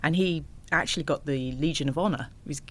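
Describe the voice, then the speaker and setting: A woman, an ocean rower, telling stories as a guest in a casual interview, animated and laughing often. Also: deep voice, fast.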